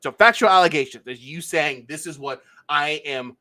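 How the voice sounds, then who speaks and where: A man's voice: fairly high pitch, normal speed, bright, forceful tone. A man from Pennsylvania hosting a casual livestream, walking through a legal filing and skipping the boilerplate. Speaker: livestream host.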